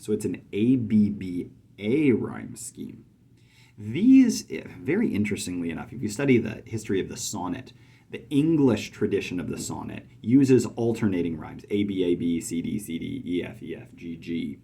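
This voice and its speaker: Man, poetry teacher, deep husky voice, chats with ums and taps out meter. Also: animated, normal speed, dark tone. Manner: thoughtful, many fillers, chants stress patterns. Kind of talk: video lesson.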